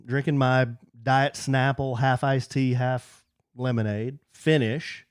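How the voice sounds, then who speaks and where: A man co-hosting a podcast, telling a story in a casual, animated way and acting out the people in it. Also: mid-range voice, takes it slowly, clean tone, no echo, clean studio sound. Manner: animated storyteller, acts out quoted voices, laughs often. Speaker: podcast co-host. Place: podcast studio.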